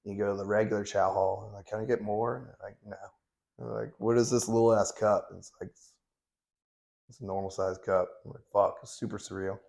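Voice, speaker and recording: Low gravelly-voiced man in his thirties. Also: little pitch movement, fairly quick, darkish tone. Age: 30s. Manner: blunt, profane, laid-back storytelling. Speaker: guest. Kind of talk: casual interview storytelling.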